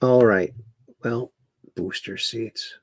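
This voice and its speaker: With a lowish voice, a slow pace and no echo, a man runs a casual political commentary livestream from his Wisconsin home. He reads viewer comments aloud and mocks the news with chuckles.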